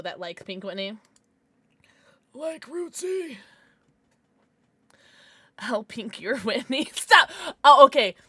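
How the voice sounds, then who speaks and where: Young woman, livestream chatter, bright voice, dry close mic. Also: fairly high pitch, no room sound. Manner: chatty and giggly, reacting to chat. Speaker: streamer. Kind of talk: casual livestream chat. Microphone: desk microphone.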